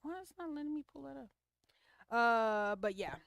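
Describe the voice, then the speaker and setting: A woman's voice: fairly high pitch, expressive, moderate pace, gravelly, fairly bright tone, dry recording, studio quality. A woman hosting a casual livestream, giving opinionated commentary on clips and reacting to viewer comments. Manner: opinionated, talks back to chat comments.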